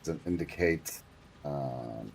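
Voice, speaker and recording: A man's voice: rumbling low, slow pace, gravelly, darkish tone, a little hiss or hum. A man streaming a game, chatting casually in a rambling way, with lots of fillers and some swearing.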